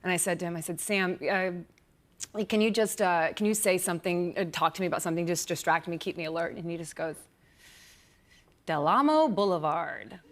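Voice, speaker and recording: A woman, a talk show guest, telling an anecdote with lively acted-out quotes and frequent laughter. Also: fairly low pitch, a little fast. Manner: animated storyteller, acts out quotes, laughs often. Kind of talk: casual chat, anecdote telling. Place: TV studio.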